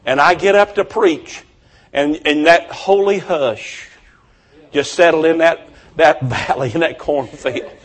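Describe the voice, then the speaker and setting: A man with a notably high voice delivers a revival sermon. He tells stories in a fervent preaching manner, with deep conviction. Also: measured pace.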